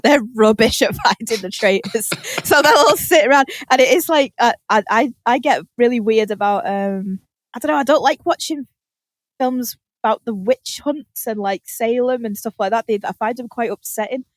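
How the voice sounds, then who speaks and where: A British woman hosting a podcast, telling animated stories in casual chat, laughing often and swearing casually. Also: on the high side, normal speed, no echo. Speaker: podcast host.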